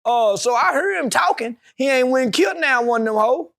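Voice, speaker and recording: A brash, profane man speaks in an unusually high voice, his clear in every line. He rambles loosely from one point to the next, answering as a guest in a casual interview. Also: animated, fairly quick, a bit bright.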